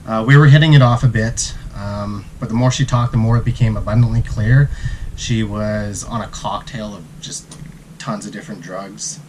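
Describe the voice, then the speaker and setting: A man telling a travel story in a relaxed, casual way, acting out the quotes. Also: fairly low pitch, moderate pace, a little hiss or hum, rough recording. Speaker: travel vlogger.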